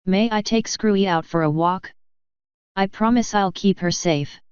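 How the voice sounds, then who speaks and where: A woman's voice: medium pitch, a little slow, smooth, dry recording, lo-fi sound, lightly acted. A woman reading as an earnest young male pony. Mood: eager. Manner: earnest, eager.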